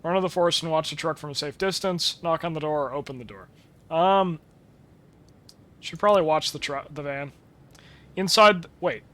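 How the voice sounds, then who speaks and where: A man's voice: on the high side, animated, moderate pace, long pauses, bright, forceful tone. A young man with a stuffed-up nose giving rambling, wry, sweary commentary while he streams a game. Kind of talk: casual gameplay commentary.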